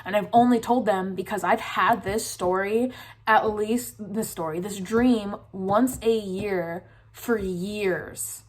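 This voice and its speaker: A woman's voice: medium pitch, slow pace. Rambling young woman telling a story. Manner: rambling, filler-heavy, uses "like" constantly. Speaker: vlogger. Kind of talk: casual storytime.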